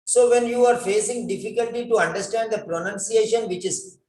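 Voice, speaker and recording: A man's voice: sits high, steady tone, fairly quick, a little mellow, slight background noise. A man teaching English pronunciation, repeating words over and over to model how they should sound. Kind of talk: classroom lesson on pronunciation. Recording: echoey room.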